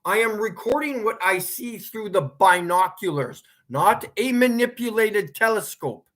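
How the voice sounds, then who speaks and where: A man's voice: high-pitched, lively intonation, unhurried, fairly bright tone. A man ranting to his viewers in an angry, profane monologue, lecturing them and breaking into laughter at himself. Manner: lecturing, repeats commands. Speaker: vlogger.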